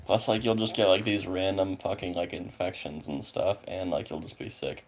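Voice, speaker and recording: A man's voice: low-pitched, moderate pace, slight background noise. A man from the US Pacific Northwest chatting casually with viewers, rambling and swearing freely, his sentences full of fillers. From Spokane, Washington, USA. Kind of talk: casual chat.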